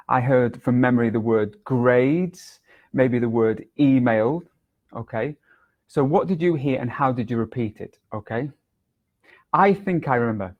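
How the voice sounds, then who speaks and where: Teaching a video lesson as an English exam tutor, a man speaks clearly and deliberately, exaggerating his intonation to demonstrate. His voice is mid-range, and the sound is phone quality.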